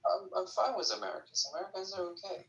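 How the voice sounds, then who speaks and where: A man's voice: high voice, sing-song, fast, creaky, a bit bright, echoey room, recorded from a distance, dull audio. A man in an online voice chat brushing off insults in a curt, dismissive way. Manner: dismissive, curt, repeats he does not care.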